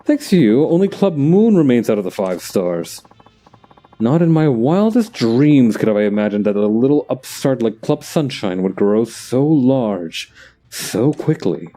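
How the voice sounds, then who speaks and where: A man's voice: medium pitch, big pitch swings, unhurried, dark tone. A man voicing a smug, wealthy male rival club owner in a put-on British accent, haughty and theatrical, for a fan dub of a game. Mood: gloating. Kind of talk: fan voice-over of game dialogue.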